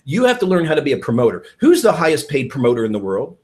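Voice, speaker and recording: A man giving an energetic training talk on network marketing, enthusiastic and repeating his key points. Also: mid-range voice, fast talker.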